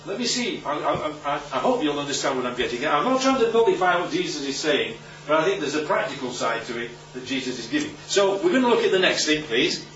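A man preaching in an animated, swooping voice that sits a little high. He keeps prodding his listeners with quick rhetorical questions. He is recorded from a distance in an echoey room, and the sound is somewhat muffled. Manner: emphatic, lively teaching delivery. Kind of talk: sermon-style Bible teaching. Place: room with a live audience.

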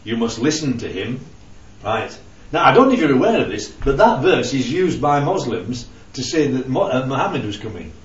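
A man's voice: medium pitch, sing-song, normal speed. A man leading an informal Bible study with a small group, talking conversationally and often checking in with "right?" and "yeah?". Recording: roomy, distant, dull lo-fi recording.

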